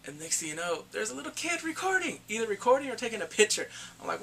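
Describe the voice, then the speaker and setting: A man retells a movie's plot in a casual review, his voice bright and fairly high. He swings his pitch all over as he acts out the characters' lines, with a faint hiss of background noise behind him. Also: lively intonation, fast, hardly any pauses.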